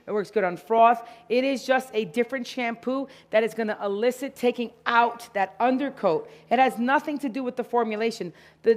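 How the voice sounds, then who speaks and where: Animated woman giving a live product demo. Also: fairly high pitch. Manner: animated and playful, talks to the audience. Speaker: product educator. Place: store grand opening event.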